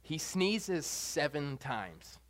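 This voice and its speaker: Male preacher, high voice, animated and jokey delivery. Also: drawn-out words. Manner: animated, jokey, swings between soft and loud. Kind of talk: sermon.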